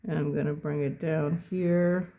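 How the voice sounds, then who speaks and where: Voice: mid-range voice, fairly even intonation, measured pace, lo-fi sound. A painting instructor casually talking through each brushstroke at a desk, thinking aloud and correcting themself as they go. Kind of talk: casual step-by-step painting demo. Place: at a home desk.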